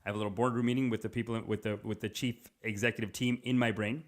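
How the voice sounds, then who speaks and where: A young adult man doing a rambling comedic monologue as a podcast host, jumping into quick character voices. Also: lowish voice, little pitch movement.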